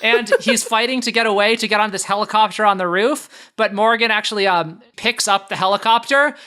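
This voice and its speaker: A woman on a comedy podcast panel, pitching her case chattily with lots of "like" fillers and giggles. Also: a little fast, pushed and bright.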